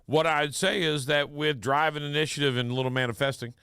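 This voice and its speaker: A man in his fifties hosting a radio talk show, telling stories in an animated, emphatic way with plenty of swearing. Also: fairly high pitch, a little fast, clean tone, no echo, studio quality. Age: 50s. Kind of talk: casual chat.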